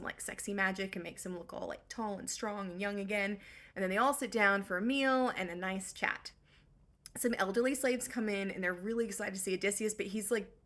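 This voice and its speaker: A woman's voice: medium pitch, a bit bright. A woman hosting a casual, comedic book recap, full of sarcastic slangy asides.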